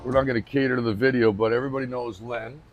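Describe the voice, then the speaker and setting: A man's voice: mid-range voice, steady tone, racing, dull audio, faint music behind. A man presenting his company in a casual on-camera talk, informal and chatty, often restarting sentences and slipping in light jokes. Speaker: company representative presenting the brand.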